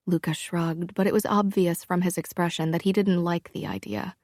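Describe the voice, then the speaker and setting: A woman narrating a first-person romance audiobook in a slow, hushed, intimate manner. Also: on the low side, steady tone, dry recording, clean studio sound.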